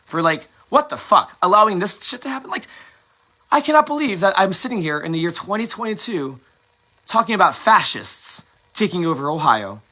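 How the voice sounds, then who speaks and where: Angry, bright-voiced man ranting. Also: high voice, sing-song, normal speed. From United States. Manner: angry, profane ranting with restarts. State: emotional, sighing. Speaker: host. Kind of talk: emotional monologue.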